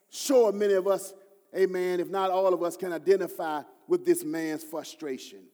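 Man, pastor, sermon, hushed lows to sung shouts, high-pitched, echoing hall. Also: measured pace. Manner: preaching with rising, shouted emphasis and sung phrases; often drops to a low, hushed voice when quoting prayers.

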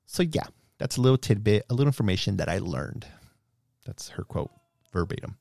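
Co-host: man, lively pitch, jokey banter, dry studio sound. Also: brisk, gravelly, dry recording. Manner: animated, joking, laughs a lot. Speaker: podcast co-host. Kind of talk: casual chat.

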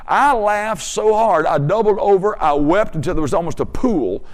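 A man's voice: high-pitched, expressive, normal speed, in a large hall. A man preaching a testimony sermon with fervent, emphatic storytelling.

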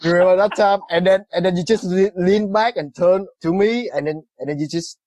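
A comedian from Vietnam telling an anecdote in casual chat, halting and repeating his words. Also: high-pitched, darkish tone.

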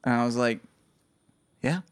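A young man co-hosting a podcast, telling a story with animated delivery and frequent laughter. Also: mid-range voice, a little slow, clear, resonant tone. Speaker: podcast co-host. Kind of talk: casual chat.

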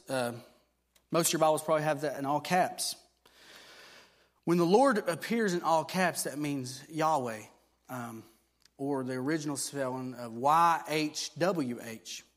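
Man, preacher, sermon, higher-pitched voice, conversational with fillers and restarts, emphatic repeated declarations.

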